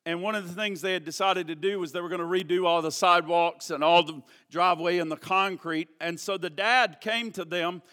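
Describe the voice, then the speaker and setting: Male preacher, very high voice, sermon, impassioned, repeats words for emphasis. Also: fairly even intonation, fairly quick, hardly any pauses. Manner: impassioned, swings from hushed prayer to loud emphatic preaching; repeats words and restarts when building emphasis. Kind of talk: sermon with a prayer and a storytelling illustration.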